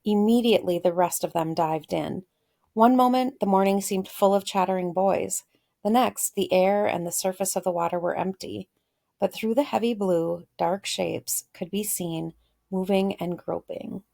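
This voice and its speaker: A woman literature teacher reads a short story aloud and stops often to think aloud about it, pausing with fillers. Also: medium pitch, creaky, dark tone. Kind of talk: reading a story aloud with commentary.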